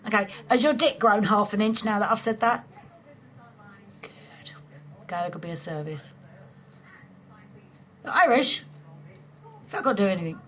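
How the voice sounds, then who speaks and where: A woman's voice: medium pitch, moderate pace, pauses often, a bit bright, highs cut off, a little hiss or hum. A woman, chatting casually and playfully on a late-night livestream from home, swearing freely and laughing often. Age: 40s. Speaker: livestream host chatting with viewers.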